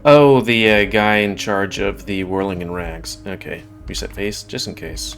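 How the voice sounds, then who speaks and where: A man's voice: lowish voice, a little slow, creaky, a bit bright. A man casually commenting while playing a video game, rambling and joking as he thinks aloud. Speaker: gameplay streamer. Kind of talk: casual let's-play commentary. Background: faint game music.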